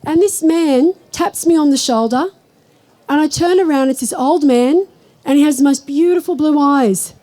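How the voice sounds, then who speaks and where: A woman giving a live spiritual talk to an audience, chatty and storytelling, slowing down when she speaks of God. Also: sits high, dark tone, poor audio. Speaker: spiritual teacher.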